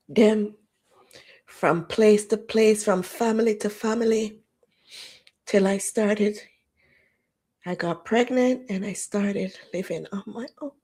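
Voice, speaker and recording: A woman's voice: mid-range voice, breathy edge. A woman in her forties with a lilt tells her own story on a livestream. She speaks openly and with feeling, and she brings the people in her story to life through their quoted words. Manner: candid, emotional, animated retelling with quoted dialogue. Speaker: livestream host.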